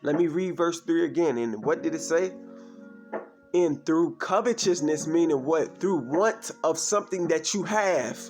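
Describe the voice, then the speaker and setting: A man's voice: on the high side, moderate pace, hardly any pauses, darkish tone, soft background music. A man teaching from scripture, reading verses aloud and explaining them, often asking "you understand me?". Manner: repeats "you understand me?" as a refrain. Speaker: preacher.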